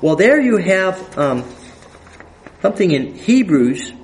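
A man teaching a Bible study, speaking haltingly with fillers and reading scripture aloud with emphasis. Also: sits high, sing-song, a little hiss or hum, rough recording. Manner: halting, with frequent fillers and restarts.

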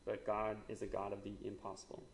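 A man's voice: fairly low pitch, completely flat delivery, quick pace, vocal fry, echoey room, slight background noise. A man, likely in his thirties, giving a conversational sermon with frequent fillers and asides, as the church's pastor.

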